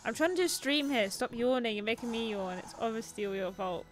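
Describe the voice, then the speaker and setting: A woman with a slightly high voice chatting her way through a game stream. She jokes, teases and bantering with her viewers, with faint game music underneath. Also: expressive, moderate pace. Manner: playful, jokey, bantering with chat. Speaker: streamer and show host. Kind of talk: casual let's-play commentary.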